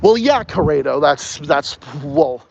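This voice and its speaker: A man's voice: on the high side, lively intonation, slow pace, creaky, a little hiss or hum, poor audio. A man from Massachusetts with a New England accent, hosting a podcast outdoors and ranting profanely while answering viewer questions. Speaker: podcast host.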